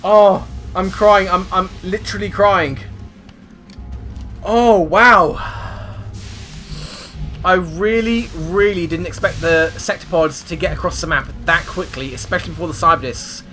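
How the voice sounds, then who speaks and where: A man hosting a gaming video, swinging between loud swearing outbursts and rambling explanations as he plays. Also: high voice, measured pace, pauses often, soft background music. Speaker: gaming channel host. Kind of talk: excitable gameplay commentary.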